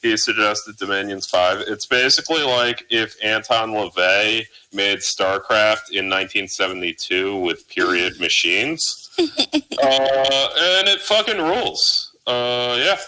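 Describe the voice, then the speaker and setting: A man's voice: lowish voice, takes it slowly, sharp tone, low-quality recording. A man in his thirties co-hosting a podcast in casual chat, rambling and profane with lots of filler words. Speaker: podcast co-host.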